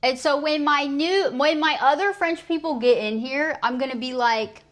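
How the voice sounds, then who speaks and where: A woman's voice: high voice, a little slow, hardly any pauses, a bit bright. A young woman streaming live, chatting casually and laughing at her own mistakes while she practices French phrases. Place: at home streaming. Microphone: streaming mic.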